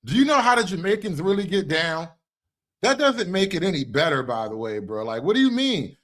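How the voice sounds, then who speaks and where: A man's voice: high-pitched, sing-song, brisk, fairly bright tone. A man hosting a reaction commentary show, talking in an opinionated way and often restarting his phrases. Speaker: commentary host.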